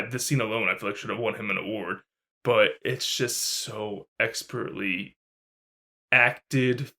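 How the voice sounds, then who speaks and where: A man's voice: fairly low pitch, pushed and bright. A man co-hosting a podcast, talking about a film scene in a casual, emphatic way and cursing now and then. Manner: emphatic, swears, gushing. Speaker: podcast co-host. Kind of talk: casual film review chat.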